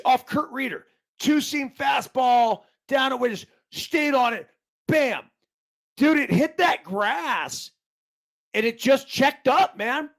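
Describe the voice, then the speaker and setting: A man's voice: extremely high pitch, lively intonation, slow pace, fairly bright tone. A former baseball player chatting casually on a podcast, rambling and swearing as he recalls games. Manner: rambling, profane, restarts a lot. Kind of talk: casual sports chat.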